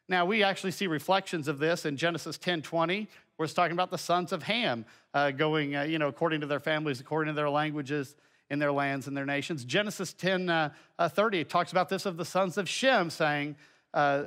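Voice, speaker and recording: A man's voice: a little high, fairly quick, a bit bright. A middle-aged man giving a folksy, conversational Bible lesson with slides, full of asides. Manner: folksy and conversational, with many asides and filler words. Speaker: teacher presenting a children's Bible lesson.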